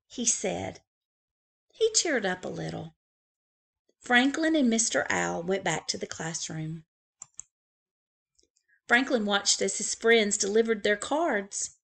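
A woman librarian reading a picture book aloud to young children, expressive, with playful asides to the kids. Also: mid-range voice, slow, vocal fry, pauses often, slightly rough. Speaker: school librarian.

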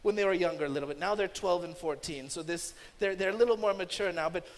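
A man pastor preaching a sermon emphatically, with loud stresses that drop into hushed asides. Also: high voice, fast talker. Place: church sanctuary. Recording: long church-hall reverb.

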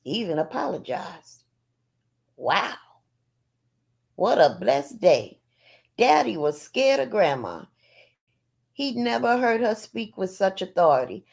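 A woman reading a novel aloud in an unhurried storytelling manner, with small asides. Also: medium pitch, creaky. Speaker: audiobook reader.

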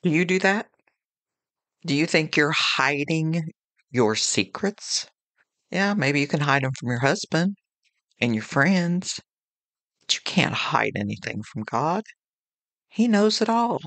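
A woman delivers a devotional podcast talk at an unhurried, measured pace. Her manner is earnest and conversational, and she leans on homely personal anecdotes. The sound is dry and close, with no room echo. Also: deep voice, animated, a bit bright. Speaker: podcast host.

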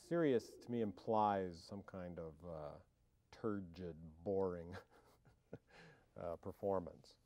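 Wry low-voiced man giving interview. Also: mellow, no room sound. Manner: wry, joking, loose with fillers and restarts. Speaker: film actor interviewee. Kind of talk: casual interview chat.

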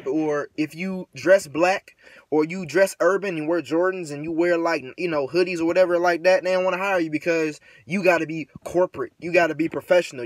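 A man's voice: high voice, no echo. A man ranting casually to camera, rambling and slangy with many fillers, frustrated and preachy. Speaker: vlogger.

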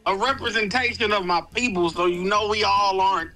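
A man's voice: high voice, a little fast, hardly any pauses, sharp tone, soft background music. A man called in on a headset, hamming it up with mock-dramatic comic rants. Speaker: friend called in. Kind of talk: casual call chat. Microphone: gaming headset.

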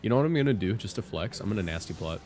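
A man's voice: fairly low pitch, animated, racing, darkish tone, faint music behind. A man casually commentating his own competitive game, joking and self-mocking with bursts of laughter. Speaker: streamer playing competitive battles. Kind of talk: casual commentary over gameplay.

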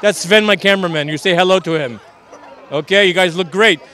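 With a high, pushed, bright voice and a slightly quick delivery, a man plays a Transylvanian count who says he is a businessman. Working as a street interviewer at an outdoor Halloween parade, he playfully calms children in broken English while people chatter behind him.

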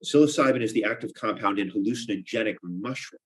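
A man's voice: on the low side, fast talker, low-quality recording. A man performing a theatrical comic monologue, with anxious, obsessive repetitions and wry asides. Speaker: solo performer.

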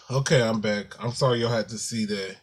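A man vlogging to his viewers in a casual, halting and apologetic way, calling them "y'all". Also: on the low side, husky. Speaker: YouTuber. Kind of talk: casual talk to camera.

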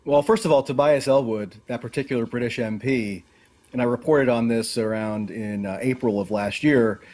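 A man's voice: mid-range voice, normal speed, darkish tone. A man, a guest journalist in a political interview, explaining at length in an analytical way, with many fillers.

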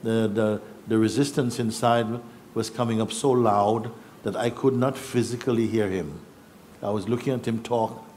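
A man telling a personal story in a reflective, halting way, acting out what others said. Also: on the low side, fairly even intonation, darkish tone, a little hiss or hum. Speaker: spiritual teacher.

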